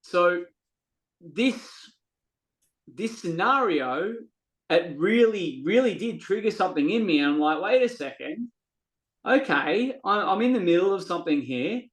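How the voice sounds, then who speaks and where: Telling a story as a podcast guest, a middle-aged man with a high-pitched voice speaks a little slowly but animatedly. He voices other people's lines and restarts often, all captured on a rough recording.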